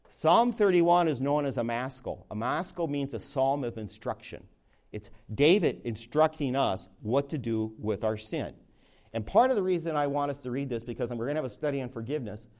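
A man leading a Bible study, teaching in a conversational way with frequent restarts, and rising in pitch to stress key words. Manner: lively, rising emphasis on key words, slows for scripture reading. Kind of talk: sermon-style Bible teaching.

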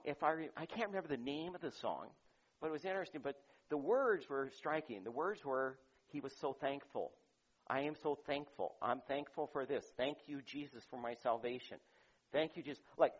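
A male pastor giving a conversational sermon, asking rhetorical questions and swinging between loud emphasis and quiet, intimate asides. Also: on the high side, breathy edge, dull audio.

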